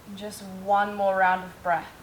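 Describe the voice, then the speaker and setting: A woman teaching a yoga class, calmly cueing breath and movement step by step. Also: medium pitch, a little slow, distant mic, slight background noise. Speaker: yoga instructor. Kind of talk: guided yoga class instruction. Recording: echoey room, faint ambience.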